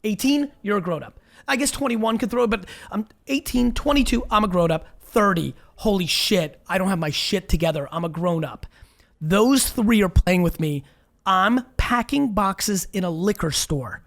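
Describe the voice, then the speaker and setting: A man's voice: sits high, moderate pace, vocal fry, a bit bright. A man hosting an interview show, talking bluntly and emphatically, swearing and urging his guest on. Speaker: show host. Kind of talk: energetic interview talk.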